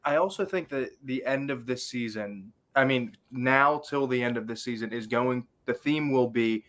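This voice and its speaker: A man with a bright, forward voice co-hosting a casual recap chat. He rambles, stops and restarts his thoughts. His pitch is ordinary for a man. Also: normal speed. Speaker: podcast co-host.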